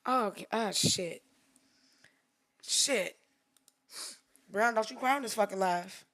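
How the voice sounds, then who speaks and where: Woman, photographer, live-stream commentary, excitable, swears a lot, bright crisp tone. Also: medium pitch, slow pace. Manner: excitable, swings from loud outbursts to hushed murmurs; profane, talks to herself. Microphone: streaming setup mic.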